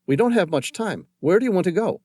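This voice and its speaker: A man's voice: high-pitched, expressive, quick pace, dark tone, breathy edge, dry recording, clean studio sound, pitched above the performer's own voice. A man doing a fierce, urgent guide. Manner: urgent, clipped orders.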